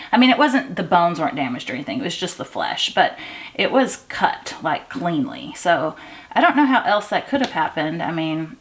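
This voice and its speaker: Rambling woman chatting while crafting. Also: mid-range voice. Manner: rambling, many fillers and restarts. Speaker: vlogger. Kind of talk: casual chat while crafting. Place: home.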